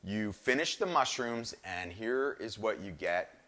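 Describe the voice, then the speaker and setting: A middle-aged chef from northern New Jersey, with the accent to match, hosts a live cooking demo and chats enthusiastically with viewers. His voice is lowish and animated, his pace a little slow, and a crowd can be heard behind him.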